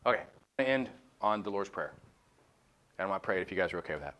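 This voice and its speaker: A man with a fairly low voice teaches a small group in a relaxed, chatty way. He jokes and talks bluntly as he works through the passage, and he often breaks in with his own remarks. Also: racing. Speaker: small group Bible study leader. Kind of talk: casual Bible study teaching. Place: room with a small group, streamed live.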